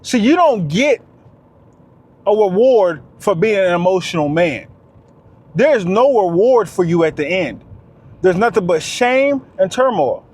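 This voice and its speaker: A man's voice: high voice, animated, unhurried, darkish tone. A man giving a casual, preachy monologue, repeating his points with emphasis. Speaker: vlogger.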